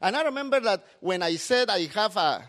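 A middle-aged man, a pastor preaching a sermon in a lively, talkative way. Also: high voice, brisk.

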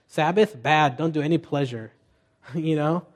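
A man's voice: a little high, a little slow. A middle-aged man preaching a conversational sermon as pastor, telling family stories with restarts and asides.

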